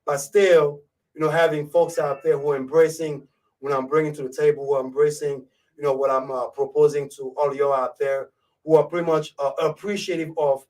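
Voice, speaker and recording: Slightly high and a bit mellow, this man's voice barely moves in pitch and runs a little fast, picked up by a distant mic in a rough recording. An Ivorian radio host with a thick French accent, he presents a live show in a laid-back manner. He keeps talking casually, checking on his listeners and saying "you know what I'm saying" again and again.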